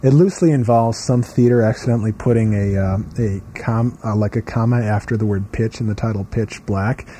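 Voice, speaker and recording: A man's voice: on the low side, brisk, few pauses, mellow, slight background noise. A man hosting a casual talk show, introducing segments with many hesitant "uh"s. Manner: hesitant, heavy on "uh", leads segments. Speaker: podcast host. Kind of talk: casual banter.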